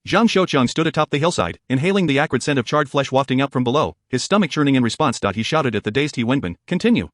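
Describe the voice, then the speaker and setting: A man narrating an audiobook in a brisk, even storytelling manner. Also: medium pitch, no echo, clean studio sound.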